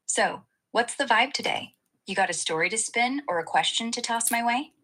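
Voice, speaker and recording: A woman's voice: a little high, normal speed, low-quality recording. Breezy AI assistant with a woman's voice. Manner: playful, breezy, slangy and flattering. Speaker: AI chat assistant. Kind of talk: upbeat conversational replies.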